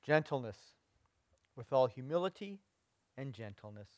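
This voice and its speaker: A middle-aged male pastor preaching in a conversational way, letting phrases trail off softly and sometimes rising into loud, mock-stern lecturing. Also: mid-range voice, animated, moderate pace, no room sound. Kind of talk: sermon.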